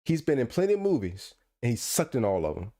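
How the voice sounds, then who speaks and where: Animated man telling stories on a podcast. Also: mid-range voice, quick pace. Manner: animated storyteller, repeats and restarts, playful rants. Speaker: podcast co-host. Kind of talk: casual chat.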